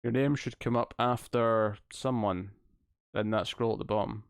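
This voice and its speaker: A man's voice: on the low side, fairly even intonation, normal speed, smooth, no echo, clean studio sound. A man hosting a casual livestream, chatting and reading out viewer comments in a rambling, self-amused way. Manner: rambling, chatty, laughs at himself. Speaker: livestream host.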